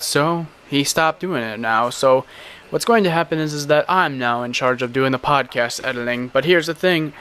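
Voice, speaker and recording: Young male podcast host, smooth clear voice, blunt and rambling. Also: medium pitch, fairly bright tone. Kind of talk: casual podcast chat.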